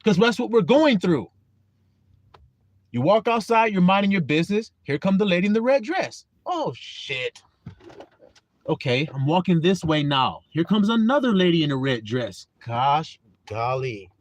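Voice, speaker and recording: A man preaching informally on a live stream, animated and profane, breaking into shouts and acting out voices. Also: high-pitched, moderate pace, no echo, muffled recording. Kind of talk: informal street-style preaching.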